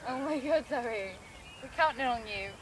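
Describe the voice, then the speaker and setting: Sex: female. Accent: British. Pitch: high and animated. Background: crowd chatter. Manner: chatty, teasing. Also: normal speed, rough recording. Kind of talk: casual chat.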